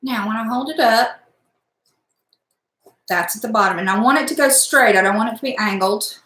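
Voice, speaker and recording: A woman's voice: fairly high pitch, moderate pace, fairly bright tone. A middle-aged woman chatting casually while she makes a wreath at home, blunt and talkative with mild cursing. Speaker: crafting vlogger. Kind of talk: casual crafting livestream chat. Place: home room, indoors. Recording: echoey room sound.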